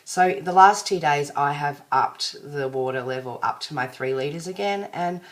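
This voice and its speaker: A woman's voice: low-pitched, normal speed. An Australian woman chatting to her viewers in a casual vlog, rambling and self-deprecating. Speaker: vlogger.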